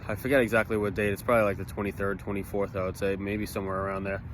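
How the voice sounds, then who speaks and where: Rapid-fire and fairly low, with little pitch movement, a New Yorker talks casually to his camera while metal detecting in a grassy yard outside. He thinks aloud over each find and repeatedly calls his viewers "guys," with slight background noise.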